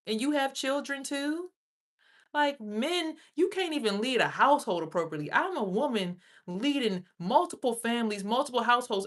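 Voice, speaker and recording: A woman streamer in an angry, profane rant, speaking with a confrontational edge. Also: fairly high pitch. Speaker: livestreamer.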